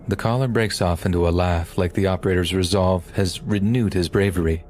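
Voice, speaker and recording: A man narrating a true scary story in a grave, measured way. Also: deep voice, steady tone, a little mellow. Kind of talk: scripted horror story narration. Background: faint music.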